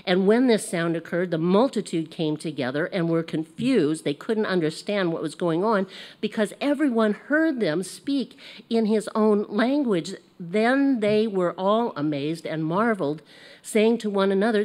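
A middle-aged American woman leading a relaxed Bible study. She talks in a chatty, animated way and laughs at her own slips. Her pitch sits in an ordinary middle range. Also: unhurried. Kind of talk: casual Bible lesson.

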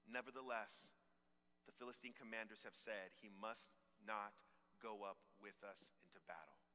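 A preacher acting out a calm king who gently but firmly turns a warrior away, speaking low and slow. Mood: regretful. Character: calm older foreign king, gentle and firm. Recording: long church hall reverb.

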